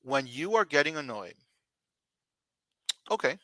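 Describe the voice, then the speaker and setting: A man teaching an English conversation lesson, slowly repeating each question and model answer. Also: fairly high pitch, very animated, sharp tone, no room sound.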